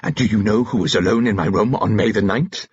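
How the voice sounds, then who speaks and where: A man voicing an overwrought middle-aged aristocrat with an explosive temper in an audiobook, frantic and shouting. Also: on the low side, brisk, slightly rough, no echo, lo-fi sound, voice pushed up. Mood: shaken.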